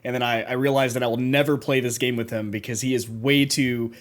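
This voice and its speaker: A man's voice: mid-range voice, steady tone, fairly quick. Man co-hosting a podcast, joking. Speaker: podcast co-host. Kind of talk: casual chat.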